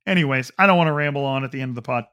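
A man's voice: medium pitch, very fast, a bit bright. A man hosting a sports podcast on his own, rambling casually with lots of filler words. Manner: rambling, heavy on fillers like "like" and "you know".

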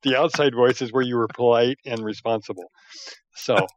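A man's voice: medium pitch, steady tone, moderate pace, muffled recording, slight background noise. A man co-hosting a podcast who talks casually and often halts and restarts his sentences. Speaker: podcast co-host. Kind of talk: casual chat.

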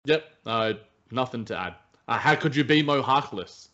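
A man's voice: medium pitch, expressive, moderate pace, a bit bright. A man co-hosting a casual basketball podcast, talking with many restarts and fillers. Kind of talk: casual sports chat. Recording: dull lo-fi sound.

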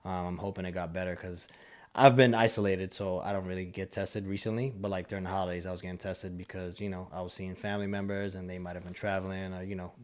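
A man with a deep, low voice chats casually on a podcast. He rambles in a relaxed way, leaning on fillers as he goes. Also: fast talker. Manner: laid-back, rambling with many fillers. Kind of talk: casual chat.

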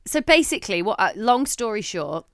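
A woman's voice: medium pitch, big pitch swings, normal speed, background noise. A woman in her thirties, a podcast co-host telling a story in frank, blunt casual chat, swearing freely.

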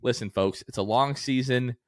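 A young man in his twenties co-hosting a casual sports podcast, an animated storyteller who acts out quoted voices with big jumps in pitch. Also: normal speed, dry recording, clean studio sound. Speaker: podcast co-host.

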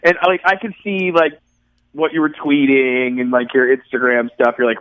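A man's voice: mid-range voice, flat delivery, dry recording. Male podcast co-host, wry and teasing, muffled lo-fi audio. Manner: teasing, wry, halting with fillers. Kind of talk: casual chat.

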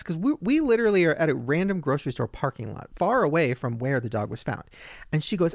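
A man's voice: fast, no echo. Guy on a podcast telling a wild story, voice bouncing all over, dry close mic. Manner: animated storyteller, jumps into high excited quoted voices. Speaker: podcast co-host. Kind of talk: casual storytelling chat.

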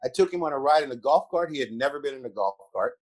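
An older man, a guest in an interview, telling animated anecdotes with chuckles and repeated words. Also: medium pitch, fast talker. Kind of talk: animated storytelling.

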